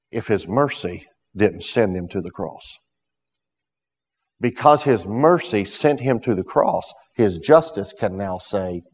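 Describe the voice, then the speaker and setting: A man preaching a sermon, swinging from loud emphatic peaks to hushed storytelling. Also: lowish voice, unhurried, husky. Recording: long hall reverb.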